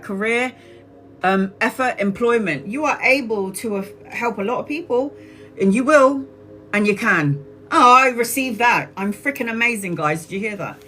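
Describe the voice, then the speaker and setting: A woman giving live-stream tarot readings in an excitable way, often laughing and exclaiming, and calling viewers sweetheart. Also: medium pitch, rough recording. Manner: affectionate, calls viewers sweetheart. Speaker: tarot reader.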